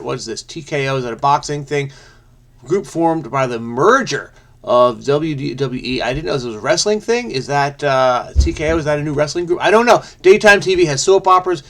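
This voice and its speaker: Brief: frenetic man, slightly high voice, solo crossword solving, muttered asides. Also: lively intonation, normal speed, a bit bright. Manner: frenetic, chatty, muttering guesses and self-corrections. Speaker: crossword solver host. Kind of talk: thinking aloud while solving a crossword.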